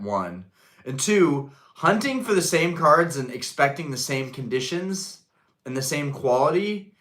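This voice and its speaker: A man's voice: mid-range voice, pushed and bright. A man hosting a live stream in casual chat, rambling with lots of fillers while answering the chat.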